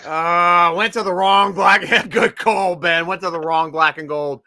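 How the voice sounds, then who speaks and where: A man's voice: sits high, steady tone, unhurried, bright, forceful tone, no room sound. A man hosting a casual sports draft show, joking and rambling, laughing often. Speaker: podcast host.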